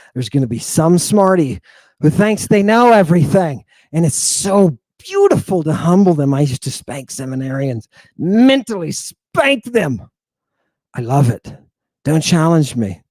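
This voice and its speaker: A man teaching Ancient Greek words, dramatic and teasing, who swings from loud exclamations to low murmurs and draws out his pronunciations. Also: animated, no room sound, clean studio sound. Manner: teasing, confrontational with the listeners; drawn-out emphatic pronunciation.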